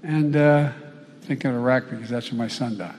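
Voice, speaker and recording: An older man giving a rambling, halting speech to an audience, trailing off mid-thought. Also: medium pitch, steady tone, a little mellow. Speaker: public speaker. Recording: echoey hall, faint crowd ambience.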